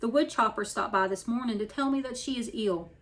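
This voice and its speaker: Caring mother, calm and firm, read by a woman. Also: fairly high pitch, a little fast, lightly acted.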